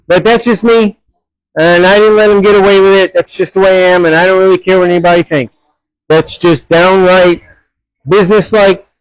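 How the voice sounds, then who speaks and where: A man working as a hot rod mechanic in his garage, talking bluntly and loudly in a casual vlog while wearing a headset. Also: sits high, no room sound, poor audio. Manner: blunt, direct and talks loud. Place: car garage. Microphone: headset mic.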